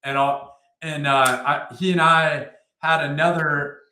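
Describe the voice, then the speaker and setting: A man's voice: a little high, steady tone, measured pace, roomy sound, noisy background. A middle-aged man, a retired army sergeant, telling war stories as an interview guest in a blunt, profane way, full of fillers and restarts. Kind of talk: casual interview storytelling.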